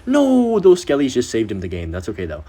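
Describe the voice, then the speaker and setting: A young man giving excitable gameplay commentary while he plays, talking to himself and to viewers. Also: lowish voice, fast talker, slightly rough. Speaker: gaming video creator.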